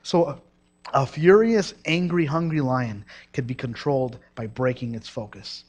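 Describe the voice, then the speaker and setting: A young man from Mexico preaching a sermon, energetic and storytelling, with restarts and asides to the congregation. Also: medium pitch, moderate pace.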